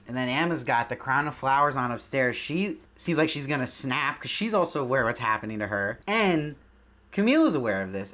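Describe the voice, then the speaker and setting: A man's voice: mid-range voice, fairly bright tone. Enthusiastic male TV reviewer. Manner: enthusiastic, conversational, asks the audience questions. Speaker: TV reviewer, show host. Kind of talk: casual spoken episode review.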